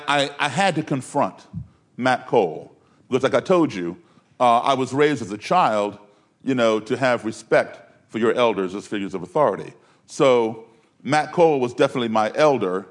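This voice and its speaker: Guy telling his own story, chatty and unhurried, lots of uh and restarts, middle pitch. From Maryland, USA. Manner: conversational, with fillers and restarts, unhurried. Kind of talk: personal storytelling.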